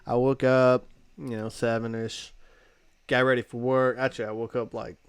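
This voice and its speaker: Chill guy rambling on a podcast, smooth voice, dry sound. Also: medium pitch, little pitch movement, normal speed, no echo. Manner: laid-back, rambling. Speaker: podcast co-host. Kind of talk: casual chat.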